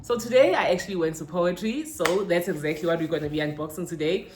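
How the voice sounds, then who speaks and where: A young South African woman with a Zulu-inflected accent, a vlogger chatting through a shopping haul and mixing in Zulu words, her pitch jumping up when she gets excited. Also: fast talker, slight background noise. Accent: South African, Zulu-inflected English. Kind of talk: casual haul unboxing chat. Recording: roomy echo with faint ambience.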